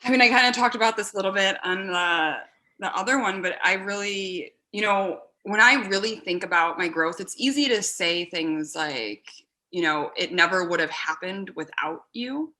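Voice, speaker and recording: Woman podcast guest, bright and lively, chatty and candid, laughs easily. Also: medium pitch, moderate pace. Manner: animated, laughing, acts out quoted lines. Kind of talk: casual conversation. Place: podcast recording with her husband beside her.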